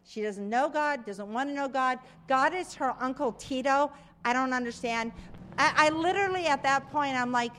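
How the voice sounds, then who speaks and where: A woman's voice: high-pitched, moderate pace. A middle-aged woman preaching a conversational sermon, telling stories and acting out quotes. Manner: conversational preaching, lively storytelling with acted quotes.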